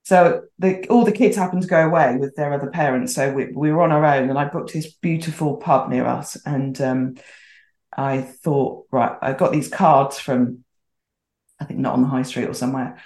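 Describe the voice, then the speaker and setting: A woman's voice: extremely low pitch, normal speed, a little mellow. Chatty woman in an echoey room. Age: middle-aged. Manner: chatty, acts out quoted voices. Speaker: podcast guest. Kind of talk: casual storytelling. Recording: roomy echoey sound.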